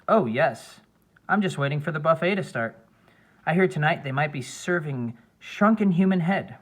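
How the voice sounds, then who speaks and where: A man's voice: on the high side, normal speed, pitched above the performer's own voice, natural voice. Brief: sarcastic grown woman, dry wit, read by a male narrator.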